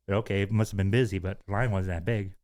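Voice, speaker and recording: A man's voice: deep voice, steady tone, fast, a little mellow. A man hosting a podcast, telling a story in casual chat, rambling with many fillers and frequent giggles. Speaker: podcast host.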